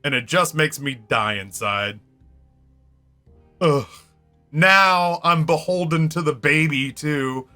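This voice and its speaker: A man with a bright, fairly high voice spins a rowdy tale while streaming a game. He swears freely and breaks into laughs. Faint music plays behind him. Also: takes it slowly, pauses often. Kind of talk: casual storytelling during a game stream.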